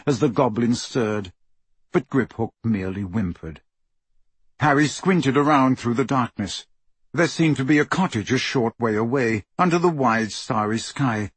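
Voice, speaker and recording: A man narrating an audiobook in a measured, somber way on a close studio mic. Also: mid-range voice, expressive, slightly rough, no room sound.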